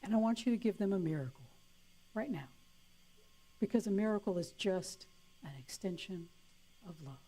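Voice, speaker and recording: A woman's voice: medium pitch, lively intonation, moderate pace, long pauses, warm tone. Playful woman minister preaching. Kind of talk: sermon.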